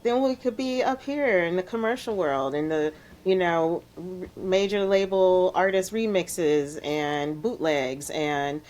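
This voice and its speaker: A middle-aged woman from Chicago, a DJ guest telling her story in a soft-spoken, reflective way with frequent laughs. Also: lowish voice, measured pace, highs cut off. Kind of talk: relaxed storytelling interview.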